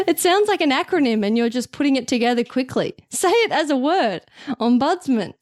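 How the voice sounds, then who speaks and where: A woman's voice: high voice, dry recording, clean studio sound. A woman co-hosting a casual podcast, jokey and teasing, often giggling. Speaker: podcast co-host.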